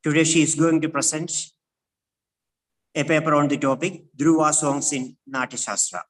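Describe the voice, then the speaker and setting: A man's voice: on the high side, fairly even intonation, normal speed, fairly bright tone. Male moderator, formal intros, distant mic. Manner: formal announcing. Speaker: session moderator.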